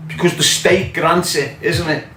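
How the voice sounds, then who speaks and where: Scouse man, angry sweary rant, raised pitch, echoey room, faint music behind. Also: fairly even intonation, measured pace. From Liverpool, England. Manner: angry, ranting, sweary, repeats pointed questions. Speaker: podcast host. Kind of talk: impassioned monologue.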